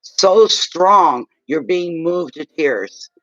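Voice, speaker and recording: Man, tarot reader, earnest, reassuring, emotional, fairly high voice, muffled lo-fi sound. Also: animated, extremely slow, fairly bright tone, no room sound. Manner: earnest, reassuring, speaks straight to the client; emotional, tearing up. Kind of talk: live tarot reading stream.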